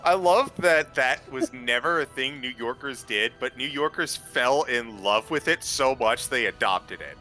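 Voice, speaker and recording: A man's voice: mid-range voice, lively intonation, measured pace, few pauses, sharp tone, faint music behind. A man chatting casually as a tabletop game player, easygoing and explaining with fillers. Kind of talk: casual chat.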